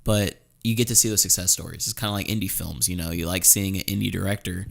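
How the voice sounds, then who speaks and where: A man's voice: low voice, steady tone, fast, vocal fry. A young man hosting a podcast, talking casually, with frequent restarts and repeated words. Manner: hesitant, repeats words, lots of fillers. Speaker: podcast host. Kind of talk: casual chat.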